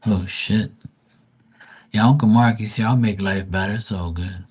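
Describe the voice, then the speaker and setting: A man's voice: on the low side, steady tone, moderate pace, darkish tone, husky. A man reading tarot cards and chatting casually with viewers on a live stream, calling them by name and swearing lightly.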